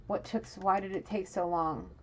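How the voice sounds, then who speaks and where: A woman's voice: mid-range voice, fairly even intonation, normal speed, a little mellow. A woman from New City, giving a frank, scolding intuitive reading straight to an absent person. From New York City. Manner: blunt, scolding and frank, with frequent restarts. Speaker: intuitive reader. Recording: dull lo-fi audio with faint noise.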